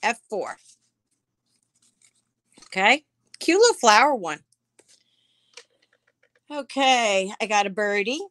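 A woman's voice: mid-range voice, expressive, takes it slowly, pauses often, fairly bright tone, dry recording. A woman selling items on a live stream auction, chatting casually, describing each piece as she handles it and answering viewers by name.

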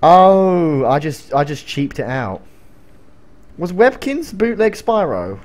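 A man's voice: on the high side, sing-song, slow pace. A young man streaming a game, rambling and joking casually with a voice that sounds strained. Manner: rambling, joking, coughing between lines.

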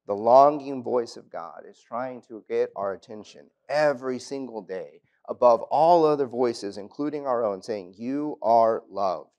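A man of middle pitch delivers a sermon in a church auditorium. He preaches earnestly and keeps it personal, leaning on family stories. His voice sits in an ordinary range, neither high nor low. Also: normal speed, few pauses, darkish tone, muffled recording. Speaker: preacher at youth lectures.

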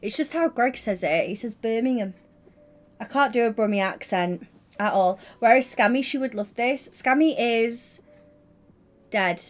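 Her voice is a little high and animated. Speaking into a headset mic, the young streamer chats casually and giddily with viewers, yawning from tiredness while throwing in brief asides to chat.

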